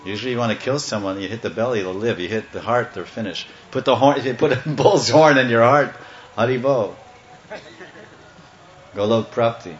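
A man giving a devotional storytelling sermon, animated and playful, breaking into chants and acting out parts. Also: medium pitch, moderate pace, soft background music. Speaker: devotional speaker. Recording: echoey, slightly muffled room.

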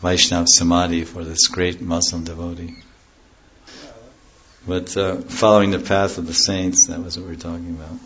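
A man's voice: deep voice, level tone, moderate pace, a bit bright, lo-fi sound, slight background noise. A man teaching a devotional class as a spiritual teacher, wandering into stories and then explaining scripture terms in plain words. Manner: rambling, digresses into stories and loses the thread.

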